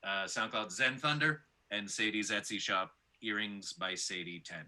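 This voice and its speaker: A middle-aged man, a stand-up comedian, chatting as a guest in dry, self-mocking deadpan with hesitant fillers. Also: on the low side, moderate pace, slight background noise. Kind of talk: deadpan self-deprecating comic chat.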